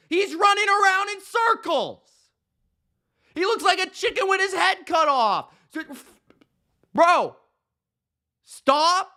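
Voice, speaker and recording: Guy ranting football on his podcast, slow drawl, sarcastic and fed up, bright edgy tone. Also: very high voice. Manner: exasperated, sarcastic, slangy. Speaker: podcast host. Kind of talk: ranting sports commentary.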